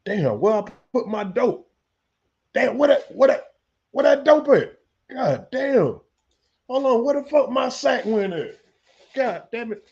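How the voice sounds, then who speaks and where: Man voicing a low, mumbling stoner cook, profane and scatterbrained, lo-fi sound. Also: lively intonation, measured pace. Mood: frantic. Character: male restaurant cook, frantic stoner, loses his stash.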